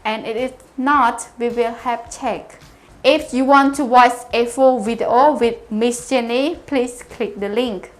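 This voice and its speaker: A young woman speaking English, her voice sitting a little high. She teaches a beginner vocabulary lesson at an unhurried pace, repeating each word and spelling it out letter by letter. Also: fairly even intonation. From Cambodia. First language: Khmer.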